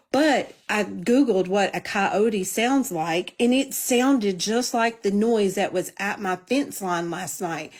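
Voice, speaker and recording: Middle-aged woman, casual live streamer, chatty storyteller, mid-pitched voice, phone mic. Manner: chatty storyteller, addresses viewers as y'all.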